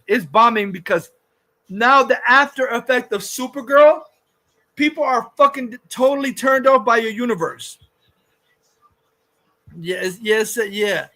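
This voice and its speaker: A man's voice: very high-pitched, sharp tone. A man hosting a livestream, ranting angrily and profanely, repeating himself. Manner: furious, profane, repetitive ranting. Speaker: livestream host.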